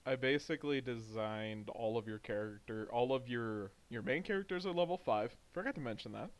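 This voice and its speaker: A man's voice: mid-range voice, animated, fairly quick. Man running a tabletop game. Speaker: game master.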